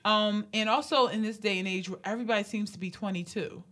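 A woman in her late twenties co-hosting a podcast in casual chat, animated, laughing often and swearing freely. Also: medium pitch, quick pace. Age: late 20s. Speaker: podcast co-host.

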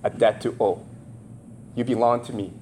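A man with nasal congestion doing an impression of an aging mafia boss, Don Corleone, in a low hushed voice. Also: fairly even intonation, normal speed, a little hiss or hum, natural voice. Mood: menacing.

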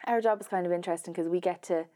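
Woman, journalist guest, casual and hesitant, slightly low voice. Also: fairly even intonation, rapid-fire, dark tone. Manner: chatty, hesitant, many fillers and restarts. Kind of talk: casual interview chat.

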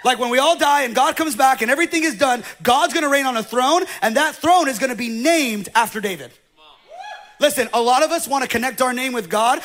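Guy pastor preaching, really high voice, goes from loud and fired up to soft and choked up. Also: a little fast. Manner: impassioned, building to loud peaks then dropping to soft near-whispers. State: choked up with emotion. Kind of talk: sermon. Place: church hall.

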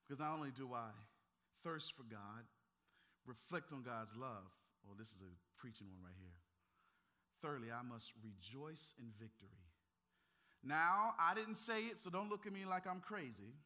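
A man preaching a sermon, swinging between hushed asides and impassioned, near-shouted stretches, teasing and talking directly to the congregation. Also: medium pitch, animated, moderate pace, pauses often. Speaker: pastor.

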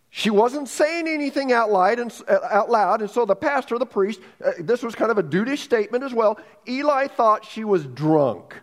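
A man preaching a sermon as a pastor, telling a Bible story with lively humor and asides. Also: high-pitched, in a large hall.

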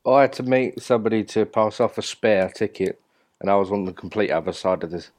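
A man's voice: lowish voice, a little fast, a little mellow. A man with a Cockney accent chatting as a podcast regular, joking and easygoing. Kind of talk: casual chat.

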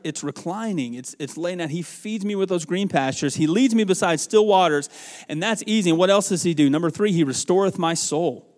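A man preaching a sermon in a folksy storytelling manner, rising to loud emphatic bursts. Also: a little high, big-room sound. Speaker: pastor.

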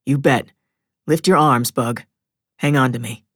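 A woman narrator voicing a steady, protective husband and father, firm with the dog and gentle with his family, in an audiobook. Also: rumbling low, a little slow, husky, dry recording, studio quality, pitched below the performer's own voice, full character voice. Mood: calm. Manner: firm then gently reassuring. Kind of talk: audiobook character voice.

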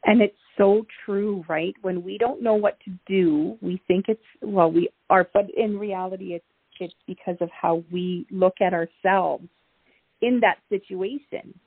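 A woman's voice: medium pitch, fairly even intonation, a little slow, slightly rough, no echo. A middle-aged woman hosting a casual conversation, chatty and affirming, with frequent fillers. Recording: tinny call audio.

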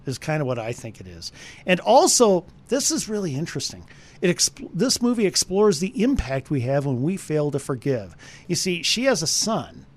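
Male radio film reviewer, animated and chatty, slightly high voice that swings a lot. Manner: animated, talks straight to listeners. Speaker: movie reviewer, radio co-host. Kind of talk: conversational radio movie review.

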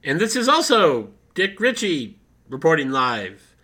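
A man's voice: on the high side, big pitch swings, moderate pace, bright, forceful tone, slightly rough. A man hosting a comedy podcast who trades goofy, eager in-character banter with a field reporter.

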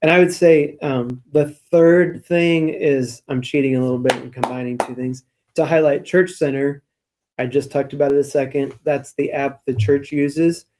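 Church podcast guy, mellow voice, easygoing and chatty, tells stories. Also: medium pitch, fairly even intonation, normal speed. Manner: chatty, storytelling, light laughs. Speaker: church staff podcast co-host. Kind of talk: casual church podcast chat.

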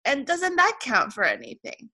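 A woman's voice: high-pitched, huge pitch swings, moderate pace, pushed and bright. A woman from Hong Kong hosting a podcast, telling a reflective personal story in casual conversation. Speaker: podcast host.

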